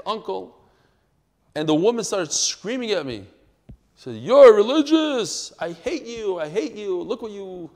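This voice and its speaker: A man whose voice sits high teaches a live group their daily Talmud class in a large hall. Animated and emphatic, he tells stories and mixes Hebrew and Yiddish terms into English.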